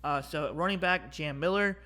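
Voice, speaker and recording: A man with a slightly high voice talks through a college football preview in a loose, unscripted way. He rambles, restarts and fills gaps with "uh" while giving blunt opinions. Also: normal speed, sharp tone. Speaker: sports video host. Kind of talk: casual sports prediction commentary.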